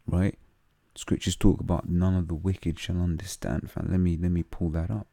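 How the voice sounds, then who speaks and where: Speaking at a moderate pace in a low, level tone with vocal fry, this London-accented man teaches religion by reading Bible verses and unpacking them in slangy, filler-filled chat. The tone is dark and the recording has no echo.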